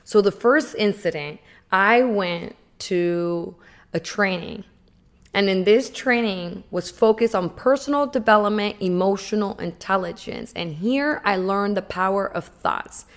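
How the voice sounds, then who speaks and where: A woman giving an earnest, emotional personal testimony, with emphatic pauses. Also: mid-range voice.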